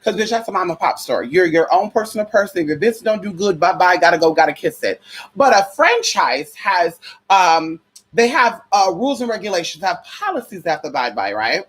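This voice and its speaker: A woman's voice: lowish voice, very animated, fairly quick, husky. A young adult woman from the United States in a casual opinion rant, sassy and profane, calling listeners honey and girl. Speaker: spiritual vlogger.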